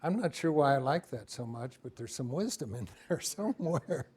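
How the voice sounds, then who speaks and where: A man teaching a class, lecturing in a lively way and asking his students for input. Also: medium pitch, moderate pace, breathy edge. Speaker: instructor.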